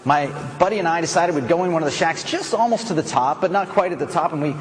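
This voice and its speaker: An American man giving a playful, animated storytelling talk at a conference. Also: a little high, quick pace, in a large hall. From United States. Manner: animated, playful, self-mocking. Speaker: conference speaker. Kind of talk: storytelling speech. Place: conference hall.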